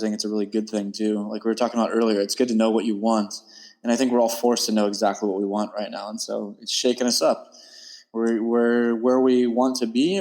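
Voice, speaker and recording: A man's voice: on the low side, darkish tone, long reverb tail. Laid-back man, rambling. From United States. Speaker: podcast guest. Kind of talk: casual interview chat.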